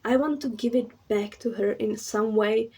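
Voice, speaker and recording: Young female vlogger, soft breathy tone, earnest and halting, slightly off-mic. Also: a little high, recorded from a distance, poor audio. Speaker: YouTuber. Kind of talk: personal to-camera vlog.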